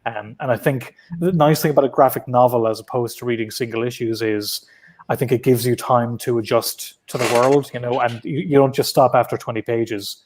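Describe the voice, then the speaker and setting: Irish guy on a video call, rambly, lots of ums and restarts, middle pitched voice. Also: fairly even intonation, brisk, darkish tone. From Ireland. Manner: rambling, many fillers and restarts. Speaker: comic book writer guest. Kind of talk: casual convention video interview.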